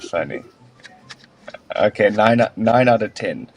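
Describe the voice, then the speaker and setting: A man co-commentating a live poker event, giving measured strategy notes with dry humour. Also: lowish voice, level tone, slight background noise, rough recording.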